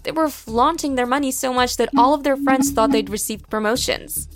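A woman narrating a first-person story in an expressive, dramatic way. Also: high voice, normal speed, hardly any pauses. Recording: background music.

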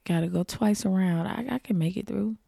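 A woman's voice: medium pitch, brisk, vocal fry, warm tone, slightly rough, no echo, studio quality. A woman guest on a podcast telling a personal story in a vivid, casual way, turning to the listeners with y'all.

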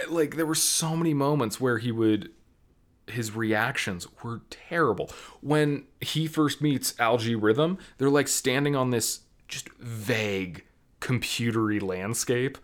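A man's voice: mid-range voice, slow pace. Guy ranting about a movie, sarcastic, laughy, medium voice. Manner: animated, sarcastic, laughs a lot. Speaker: movie review podcast host. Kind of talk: casual chat.

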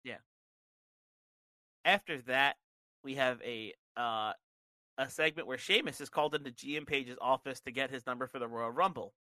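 A man's voice: medium pitch, normal speed, pauses often, bright, forceful tone, dry recording, poor audio. A man co-hosting a casual podcast, recapping events step by step. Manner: narrates events step by step with fillers. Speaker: podcast co-host. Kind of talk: casual chat, recapping a wrestling show.

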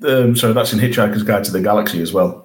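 A man's voice: on the low side, quick pace, slight background noise, low-quality recording. A man co-hosting a podcast, chatting eagerly about a TV episode and often restarting his sentences. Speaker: podcast co-host. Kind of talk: casual chat reviewing a TV episode.

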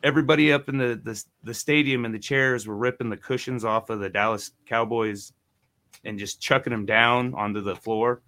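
In a mid-range voice at a moderate pace, this forties-aged podcast co-host spins a wandering, foul-mouthed story in casual conversation, quoting others with lots of animation.

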